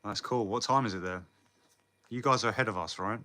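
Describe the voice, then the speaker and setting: A man's voice: on the low side, fairly quick, sharp tone. A man in his thirties from the south coast, chatting casually on a livestream, swearing freely and answering viewers' comments. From England. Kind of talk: casual live chat with viewers.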